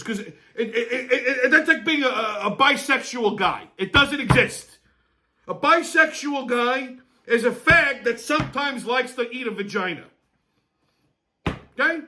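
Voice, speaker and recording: Loud, crude, high-voiced ranting man. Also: lively intonation, a little slow. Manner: loud, crude, angry ranting, often shouting. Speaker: host of a weekly wrap-up show. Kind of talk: profane rant and casual show segments.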